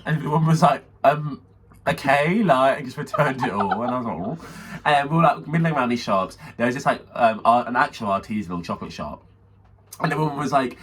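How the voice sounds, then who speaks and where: A man's voice: mid-range voice, big pitch swings, fast talker, fairly bright tone, husky. A man co-hosting a podcast, telling a story in casual chat, swearing freely and mimicking the people in it. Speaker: podcast co-host. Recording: distant mic with faint background noise.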